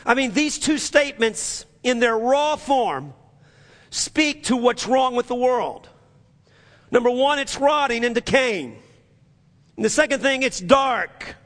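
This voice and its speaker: A man's voice: very high-pitched, lively intonation, takes it slowly, fairly bright tone, long reverb tail. A man preaching a sermon in a church, emphatic and repetitive, with frequent restarts. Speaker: pastor.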